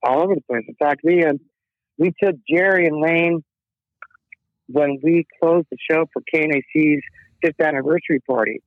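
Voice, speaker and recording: A man's voice: on the high side, moderate pace, dry recording. A middle-aged man, a rock musician guest, telling stories in a casual interview, acting out quotes and laughing often. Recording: tinny dry phone line.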